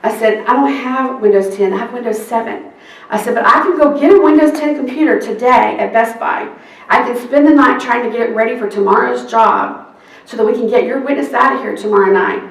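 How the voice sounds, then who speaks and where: A woman tells a work story to a seminar crowd, her voice set a little high and slipping into the other people's lines as she goes. She sounds a way off from the mic, and the room adds a roomy echo. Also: fairly quick, gravelly, recorded from a distance. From Texas. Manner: animated storyteller acting out quoted exchanges. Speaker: court reporter. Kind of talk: anecdote told to an audience.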